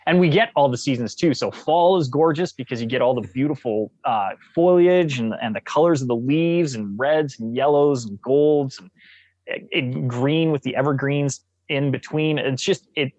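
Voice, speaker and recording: A man from Canada, a guest on a podcast, telling stories in a jovial, enthusiastic, animated way. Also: mid-range voice, normal speed, dry recording, dull audio. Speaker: guest, actor. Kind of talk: casual podcast interview.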